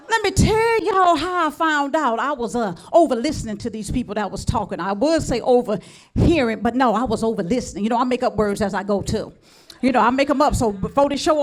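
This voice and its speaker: Chatty woman comic confiding in the crowd. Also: on the high side. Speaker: stand-up comedian. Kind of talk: stand-up comedy set.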